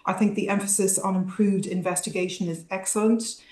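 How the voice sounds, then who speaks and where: A woman academic answers news interview questions in a mid-pitched voice, thoughtful and analytical. She restarts phrases and fills pauses with ums. Her remote link carries a roomy echo. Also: fairly even intonation, warm tone. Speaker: academic guest, healthcare researcher.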